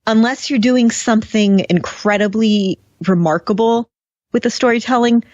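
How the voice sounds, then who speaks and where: A woman's voice: on the high side, normal speed, dry recording. Sarcastic, laughing woman podcast host. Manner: sarcastic, laughs often, animated. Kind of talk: casual chat, TV episode discussion. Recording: dull, dry lo-fi sound.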